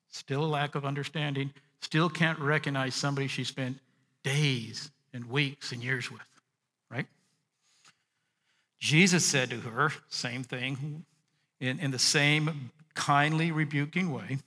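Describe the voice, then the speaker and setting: A male pastor preaching a sermon, reading and unpacking scripture, dropping to a hush and then rising to emphatic points. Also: medium pitch, a little slow, in a large hall. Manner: expressive, swinging from hushed to emphatic.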